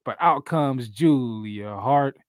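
A man's voice: medium pitch, takes it slowly, no room sound. A man co-hosting a wrestling podcast, talking loosely and profanely with frequent laughs. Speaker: podcast co-host. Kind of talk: casual wrestling talk.

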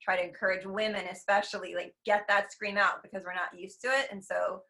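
A woman's voice: mid-range voice, level tone, fairly quick, pushed and bright. A woman who teaches breathwork and meditation, talking earnestly in a casual conversation, rambling with many likes and restarts.

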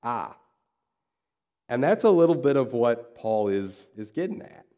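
In a church, a pastor with a mellow, medium-pitched voice delivers a sermon at an unhurried pace, his pitch swinging widely. He speaks conversationally, telling a story and acting out the quoted dialogue.

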